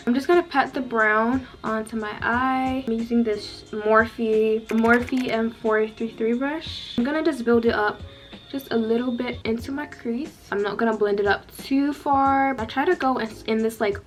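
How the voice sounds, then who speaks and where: A young woman, casually talking viewers through a makeup tutorial, chatty and full of fillers. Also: fairly high pitch. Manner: chatty, filler-heavy, addresses viewers directly. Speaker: beauty vlogger.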